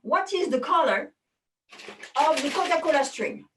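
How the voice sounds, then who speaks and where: A woman's voice: sits high, animated, moderate pace, a bit bright, far from the mic, a little hiss or hum, rough recording. A woman from France with a French accent, doing chatty, self-mocking magic show patter over a video call.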